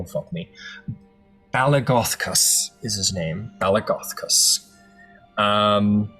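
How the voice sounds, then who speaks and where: A man narrating as game master for a tabletop game, loose and rambling with many fillers. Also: mid-range voice.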